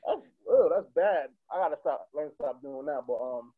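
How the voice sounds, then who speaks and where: A young man from Connecticut tells comedy-club stories in a rapid, animated and profane way, laughing along as he goes. His voice sits a little high for a man. He comes through a narrow, tinny line that sounds like a phone call. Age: young adult. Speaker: stand-up comedian, podcast guest. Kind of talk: casual storytelling.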